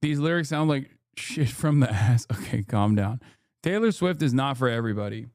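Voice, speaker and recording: A man in his thirties doing live stream reaction commentary, sarcastic and deadpan, laughing often. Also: mid-range voice, normal speed, no echo, studio quality.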